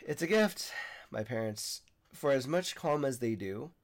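A young podcast host speaks at a measured pace in an animated, medium-pitched voice. His casual monologue is earnest yet rambling, with frequent restarts.

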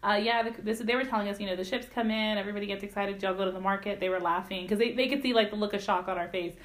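Fast-talking woman telling a travel story. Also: mid-range voice. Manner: animated, acts out quoted voices.

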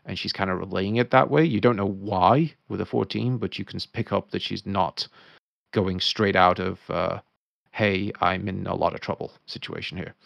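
A man narrating as game master of a tabletop game, talking quickly and casually with many fillers. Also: low-pitched, creaky, a bit bright, no room sound, highs cut off.

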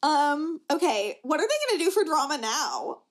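A woman's voice: sits high, big pitch swings, normal speed. A young woman co-hosting a podcast, casually recapping a reality show and acting out what people said. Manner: chatty storyteller, acts out quotes. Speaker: podcast co-host.

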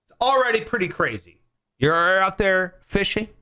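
Man, comedy show host, animated storyteller, fairly high voice. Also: normal speed, a little hiss or hum. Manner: animated storyteller, swears freely. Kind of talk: casual comedic chat.

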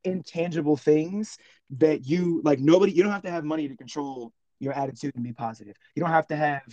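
Fast-talking animated male teacher. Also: on the high side, no room sound, dull audio. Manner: animated storyteller, acts out classroom exchanges. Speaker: teacher and podcast co-host. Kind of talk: casual podcast chat.

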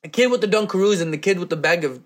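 Animated high-voiced man telling a story. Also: rapid-fire. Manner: animated, acts out voices in quotes, laughs often. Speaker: speaker telling a personal story. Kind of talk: storytelling talk to an audience.

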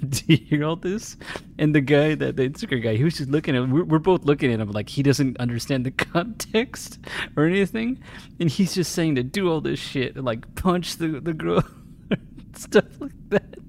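A man's voice: fairly high pitch, normal speed, vocal fry, a little hiss or hum. A young man, a podcast co-host, telling work stories in casual chat and often laughing as he talks. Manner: laughs through his stories, animated retelling.

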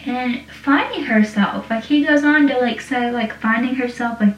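A young woman talks casually in a loose, rambling way, and she leans on "like" in almost every sentence. Her voice sits a little high. She sounds distant from the mic in an echoey room, with a dull, muffled recording. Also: normal speed, few pauses. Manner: rambling, heavy use of "like". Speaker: TV show reviewer. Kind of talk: casual chat.

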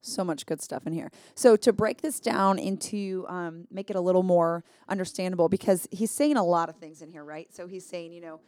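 A woman's voice: fairly low pitch, normal speed, few pauses, a little mellow, dry recording, clean studio sound. A woman co-hosting a casual Bible study chat, earnest and emphatic, thinking aloud as she explains. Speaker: podcast co-host.

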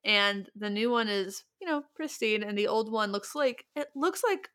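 A woman's voice: medium pitch, lively intonation, normal speed, bright, forceful tone, clean tone. A young woman co-hosting a casual podcast, playful and teasing. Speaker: podcast co-host.

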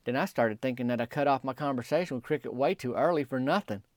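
Brief: man, folksy deadpan storyteller, rambling country drawl, dry close sound. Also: medium pitch, quick pace, no room sound. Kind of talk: deadpan comedic storytelling monologue.

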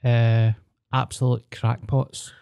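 A young Scottish man trades stories in easy, sweary banter, leaning on broad slang. His voice sits at an ordinary pitch. The sound is dry and close, with no room around it. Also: level tone, takes it slowly, creaky, mellow, clear, resonant tone, dry recording. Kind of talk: casual chat.

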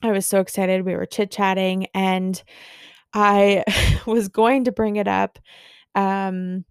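Excitable young woman with vocal fry. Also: mid-range voice, slow pace, dry recording, clean studio sound. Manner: gushing, excitable, lots of fillers. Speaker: podcast host. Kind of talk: casual storytelling monologue.

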